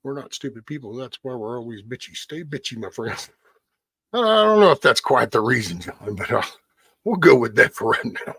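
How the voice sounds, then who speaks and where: A man's voice: mid-range voice, very animated, moderate pace, sharp tone, breathy edge, no echo. Man, blunt, profane ranting, casual livestream host, dry close sound. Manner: answers viewer chat by name.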